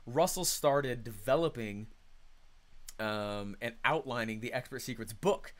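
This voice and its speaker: A man's voice: medium pitch, measured pace, fairly bright tone. A man leading a live online coaching call, talking energetically and conversationally and reacting to chat comments.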